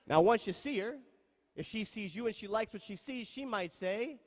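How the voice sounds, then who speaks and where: Guy giving a motivational talk, high voice, acts out the characters, roomy echo and music behind. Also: animated, moderate pace. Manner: dramatic, acts out the people in his story. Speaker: motivational speaker. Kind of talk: storytelling speech.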